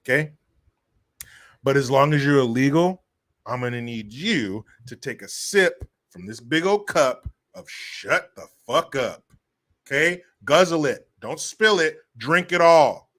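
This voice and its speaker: A man's voice: mid-range voice, lively intonation, a little slow, a bit bright. A man from California hosting a live-stream commentary show, brash, profane and sarcastic. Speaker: political commentary host.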